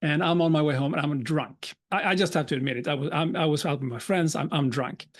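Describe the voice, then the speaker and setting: A man, giving a live talk as a speaker and telling a personal story with humor and quick asides. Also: on the high side. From Sweden. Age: 50s. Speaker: keynote speaker.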